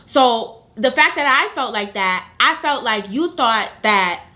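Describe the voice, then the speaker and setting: A woman's voice: a little high, animated, a little slow, sharp tone. A young woman, the host's best friend, telling her side of a story in an emphatic, slangy way with some swearing. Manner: emphatic, slangy and profane, talks straight to viewers. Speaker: guest, best friend of the host. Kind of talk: casual storytime chat.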